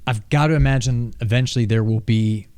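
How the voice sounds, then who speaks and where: A male podcast co-host in his thirties talks casually at a middling pitch. He gets animated, laughing and acting out moments as he tells them. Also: fairly quick, clean tone, no room sound. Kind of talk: casual chat.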